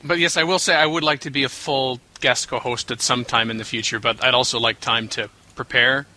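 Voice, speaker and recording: A man sits in as guest co-host on a casual podcast, chatty and quick to explain himself. His voice is very bright and forward, pitched in the middle range. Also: steady tone, slight background noise.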